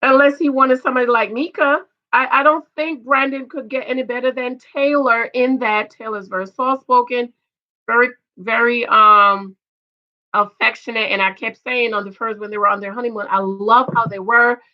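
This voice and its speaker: A middle-aged woman giving loud, emphatic casual commentary on a reality show and reading viewer comments. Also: on the high side, steady tone, moderate pace, lo-fi sound. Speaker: vlogger reviewing a reality show.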